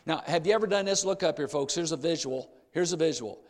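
A man's voice: fairly high pitch, fast, long reverb tail. An older man preaching a sermon, emphatic, repeating key phrases and speaking straight to the congregation.

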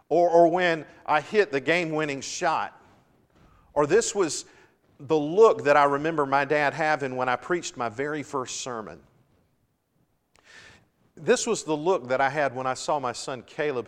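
A middle-aged man preaching a sermon as pastor, earnest, building to emphatic swells and then easing into quiet pauses. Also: mid-range voice. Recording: long hall reverb.

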